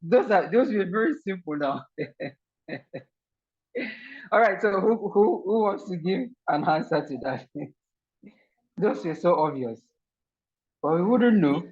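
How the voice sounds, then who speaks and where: Male video-call host, polite and hesitant, slightly high voice, muffled audio. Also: animated, moderate pace, a little mellow, husky. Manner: polite, repeats words, many fillers. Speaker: online session host. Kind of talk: casual video call game hosting.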